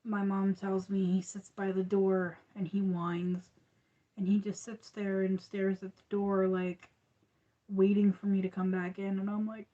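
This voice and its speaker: A woman's voice: mid-range voice, little pitch movement, a little slow, warm tone, lo-fi sound. A woman hosting a crochet livestream, chatting casually and rambling with frequent laughs.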